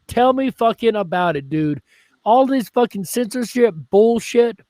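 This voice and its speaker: A man's voice: extremely high pitch, animated, unhurried, darkish tone, dry recording. A man who hosts a radio show, guesting on a casual live-stream chat, blunt and profane as he rants.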